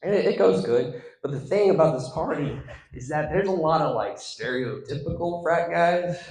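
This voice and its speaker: Young guy doing standup bits, animated, bit high, roomy echo. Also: a little fast. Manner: animated, acts out other people's lines. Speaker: stand-up comedian. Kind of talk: stand-up storytelling. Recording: echoey room.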